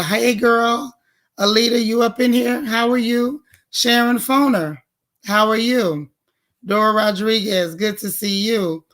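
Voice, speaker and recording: Hoarse woman hosting a chatty livestream. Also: a little high. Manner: warm, chatty, greets viewers by name. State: hoarse, strained voice. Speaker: livestream host. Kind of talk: casual livestream greetings to viewers.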